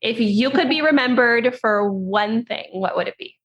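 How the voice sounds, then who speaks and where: A chatty woman hosting a podcast interview. She talks in a lively, animated way and laughs easily as she tells stories. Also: a little high, moderate pace. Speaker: podcast host. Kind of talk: casual interview chat.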